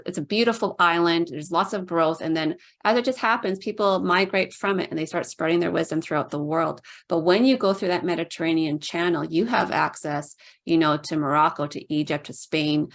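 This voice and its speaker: A middle-aged woman telling stories casually as a podcast guest, chatty, with many "like"s. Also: sits low. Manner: chatty, fills speech with "like", puts on voices for quoted people. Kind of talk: casual storytelling.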